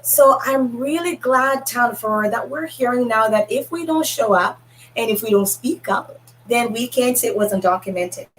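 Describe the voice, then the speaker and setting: A woman's voice: on the high side, expressive, normal speed, fairly bright tone, a little hiss or hum, rough recording. A woman from Jamaica, hosting a casual online panel and telling stories in a chatty way. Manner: chatty, storytelling with restarts. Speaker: host.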